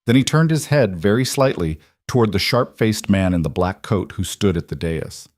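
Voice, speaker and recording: A male audiobook narrator telling a fantasy romance in a calm, measured way. His voice is somewhat low. The recording is dry and close with no room sound. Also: no room sound.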